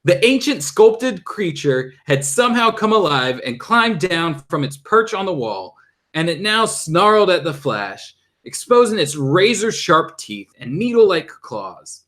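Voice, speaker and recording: Lively man reading a storybook aloud. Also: high-pitched, a little slow. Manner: lively, stumbles and laughs at own slips. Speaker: host reading a book aloud. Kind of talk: casual read-aloud narration.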